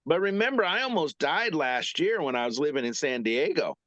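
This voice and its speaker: A man speaks earnestly in a casual chat, stumbling and repeating words. His voice sits a little high. The sound is dry and dull, with a lo-fi edge. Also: animated, a little fast, a bit bright, dry recording. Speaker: guest.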